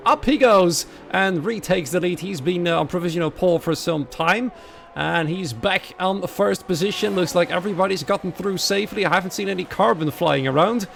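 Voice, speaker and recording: Gravelly Dutch-accented race commentator. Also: male voice, high voice, slight background noise. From Netherlands. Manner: quiet and chatty while waiting, lively and louder once the race starts. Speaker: sim racing commentator.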